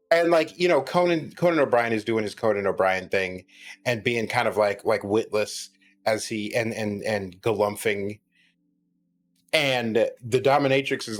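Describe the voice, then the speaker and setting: Rambling man in casual chat. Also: on the low side. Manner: rambling, frequent restarts and filler words. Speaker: podcast guest.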